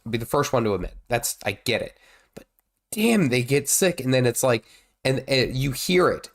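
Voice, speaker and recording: Man, stuffy nose, gaming streamer, chatty rambling commentary, mid-pitched voice. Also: very animated, moderate pace. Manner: rambling, chatty, exclaims at the game. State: congested. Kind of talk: casual live gameplay commentary.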